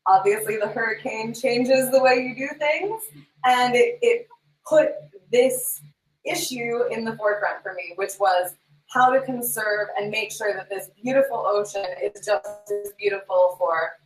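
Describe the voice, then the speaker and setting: A woman's voice: a little high, a little hiss or hum. Earnest American-born woman, echoey distant sound. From United States. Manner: earnest, enthusiastic, halting restarts. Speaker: scuba instructor and guest. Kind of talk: interview.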